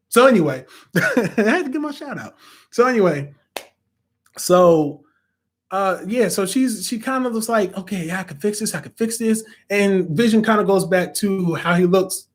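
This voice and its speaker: A young man hosting a casual spoiler review of a TV episode, excitable and animated, often acting out reactions. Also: sits high. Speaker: reviewer and host.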